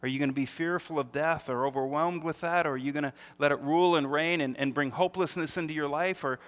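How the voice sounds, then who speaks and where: A male pastor delivers a sermon in a bright, slightly raised voice. He leans on rhetorical questions and acts out little bits of dialogue. The sound carries a long hall reverb. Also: fairly high pitch, fairly even intonation, quick pace. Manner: emphatic preaching with rhetorical questions and acted-out quotes.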